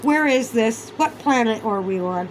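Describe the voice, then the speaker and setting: A woman's voice: fairly high pitch, lively intonation, unhurried, a little hiss or hum, poor audio. Profane, ranting woman vlogger. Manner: sarcastic, incredulous. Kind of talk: casual ranting monologue.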